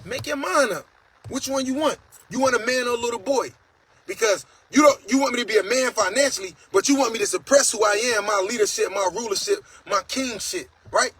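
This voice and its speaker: A man's voice: very high voice, brisk, a bit bright, low-quality recording. A man hosting a casual livestream monologue, talking in a blunt, profane and preachy way, reading out viewer comments. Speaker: host.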